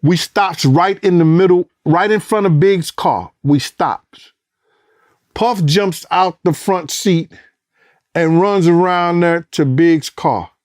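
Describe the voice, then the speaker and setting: Guy telling a wild story in an interview, bit high-pitched, swears a lot, does the voices and the sounds, dry mic. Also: takes it slowly, dry recording. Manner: profane, acts out quotes and sounds, rising excitement. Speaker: former bodyguard recounting events.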